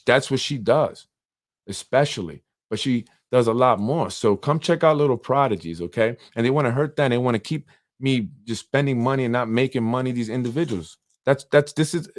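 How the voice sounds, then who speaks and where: A man, the host of a local political show, talking in a fired-up, blunt and rambling way. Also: medium pitch. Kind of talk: heated political commentary.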